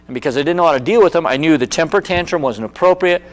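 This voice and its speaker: A man's voice: a little high, very fast. A man in his sixties giving a presentation on handling anger, telling personal stories and acting out the voices of the people in them. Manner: animated storyteller who acts out quotes. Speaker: speaker on anger management.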